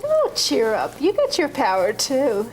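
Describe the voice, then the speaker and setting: A teasing, flirtatious patient. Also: female voice, sits high, wildly swooping pitch, a little slow, heavily acted, rough recording. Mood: flirty. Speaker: patient in physical therapy. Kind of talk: daytime TV drama acting.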